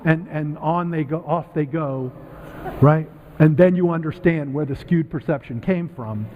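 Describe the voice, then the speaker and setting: A middle-aged man speaking as a guest speaker to a church congregation, chatty and animated, acting out the voices of the people in his stories. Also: on the high side, a little slow, slight background noise. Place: church sanctuary. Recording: phone-like, thin sound with long hall reverb.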